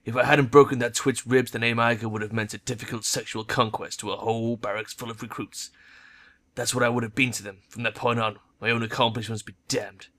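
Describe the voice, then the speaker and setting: A man's voice: medium pitch, level tone, a little fast, a bit bright, close to an everyday voice. A man voicing a blunt, stern female troll ex-soldier in a game, with curt, clipped, unsentimental lines.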